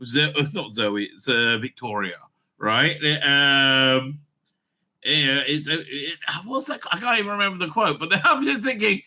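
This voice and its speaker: A man's voice: fairly high pitch, lively intonation, moderate pace, pushed and bright. A man hosting his own online show, rambling in a loose, profane, laughing commentary style. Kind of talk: casual ranting commentary.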